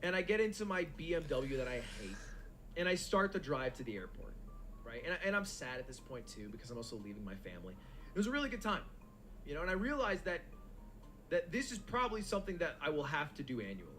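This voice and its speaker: A young man telling a long, animated story in casual, profane chat as a stream co-host. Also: fairly high pitch, quick pace, soft background music. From United States.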